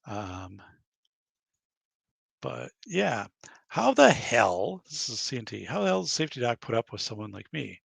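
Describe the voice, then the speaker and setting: A man's voice: medium pitch, big pitch swings, normal speed, vocal fry, pauses often, husky, dry recording. A man hosting a podcast in his studio, rambling casually and acting out bits of dialogue while laughing at his own stories. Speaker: podcast host. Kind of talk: casual chat.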